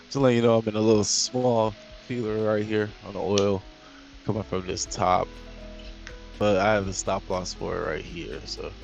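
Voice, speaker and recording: A man's voice: lowish voice, fairly even intonation, moderate pace, vocal fry, highs cut off, faint music behind. A young man hosting a casual trading livestream, joking loosely and swearing as he talks. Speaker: livestream host and trader.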